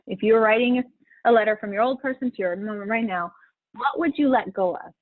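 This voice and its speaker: A middle-aged woman hosts a live-stream coaching session, chatting casually and encouragingly with her group and laughing often. Her fairly high, husky voice comes through a tinny, phone-like line without echo.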